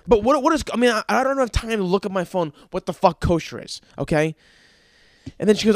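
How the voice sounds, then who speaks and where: A man's voice: high voice, lively intonation, fast, no echo, clean studio sound. A man giving a stand-up comedy rant, profane and exasperated.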